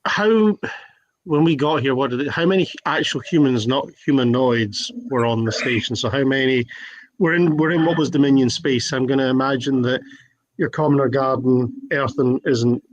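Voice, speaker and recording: A man playing a tabletop game who jokes and thinks out loud. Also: mid-range voice, moderate pace. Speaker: player. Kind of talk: casual tabletop game talk. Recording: dull lo-fi sound.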